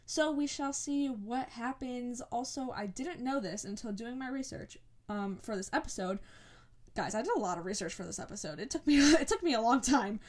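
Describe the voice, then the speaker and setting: Chatty young woman podcaster rambling excitedly. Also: fairly high pitch, moderate pace. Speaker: podcast host. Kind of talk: casual solo episode talk.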